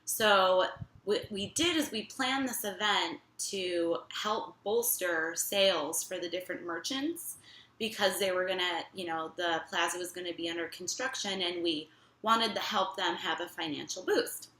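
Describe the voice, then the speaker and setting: A young woman casually telling a personal story in an animated, chatty way, full of fillers. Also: fairly low pitch, measured pace, roomy sound, poor audio.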